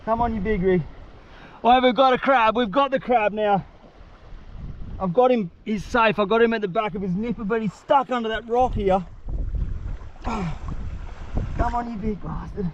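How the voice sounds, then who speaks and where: A man filming himself outdoors in the mangroves, talking in excited, slang-heavy bursts straight to a handheld camera. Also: high voice, normal speed, muffled recording, a little hiss or hum. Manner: excited, breathless slang-filled chatter. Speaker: outdoor vlogger. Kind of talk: self-filmed outdoor vlog.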